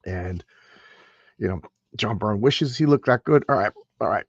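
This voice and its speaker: A man's voice: fairly low pitch, animated, a little slow, pauses often, breathy edge, no room sound, highs cut off. A man hosting a casual live stream, rambling and stammering as he repeats words. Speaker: host.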